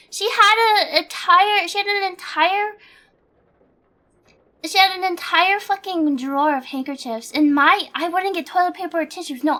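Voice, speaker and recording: Young woman streamer, high voice, casual rambling chat, swears and laughs a lot. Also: pushed and bright. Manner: plays a bug persona in her talk.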